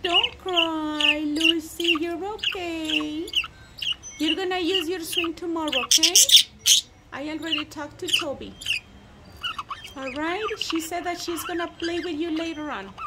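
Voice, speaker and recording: A woman with a very high-pitched voice coos at her pet budgies in an outdoor aviary, using doting baby talk at a measured pace. It's a casual chat with her pets, and loud chirping and squawking from the birds nearly drowns her out, leaving heavy background noise over her voice.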